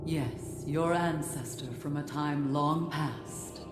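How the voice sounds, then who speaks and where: An actress playing an ancient female warrior sage, speaking in solemn, measured game dialogue. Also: low-pitched, steady tone, music in the background. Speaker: game character. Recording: roomy game audio with long reverb.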